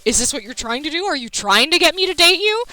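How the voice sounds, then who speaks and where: A woman's voice: sits high, very animated, quick pace, pushed and bright, pitched above the performer's own voice, full character voice. A woman doing a grumpy young bard guy. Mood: grumbling. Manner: swearing, exasperated. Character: blunt grumpy young male bard, bookish.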